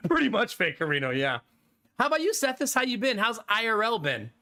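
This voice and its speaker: Man, streamer, high-pitched, bright tone, laid-back chatty manner, laughs a lot. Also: sing-song, fairly quick. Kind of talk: casual chat with live viewers.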